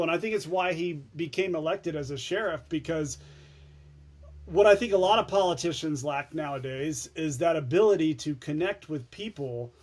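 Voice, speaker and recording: A former TV news anchor, a man, telling stories as a podcast guest in an animated way, often restarting his words. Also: on the high side. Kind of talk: casual storytelling chat.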